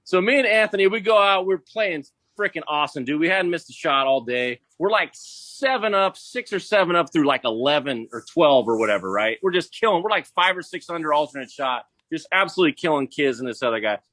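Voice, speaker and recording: Dude-heavy golf pro telling a story, pretty high voice, dead dry mic. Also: male voice, lively intonation, fairly quick, few pauses, bright, forceful tone, no echo. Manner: laid-back, peppers talk with "dude" and "bro". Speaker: podcast guest, pro golfer. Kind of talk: casual storytelling.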